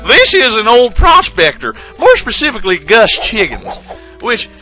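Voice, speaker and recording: Excitable young man, bright voice. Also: very high-pitched, normal speed, soft background music. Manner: swears often, excitable. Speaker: gaming commentator. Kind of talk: casual gaming commentary.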